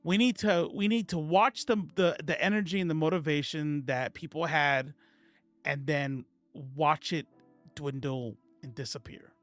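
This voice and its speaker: A fairly high-voiced man talking casually on a live stream about politics, sarcastic and rambling as he answers viewer comments. Faint music plays quietly under his voice. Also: dry recording. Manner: sarcastic, rambling, reads chat aloud.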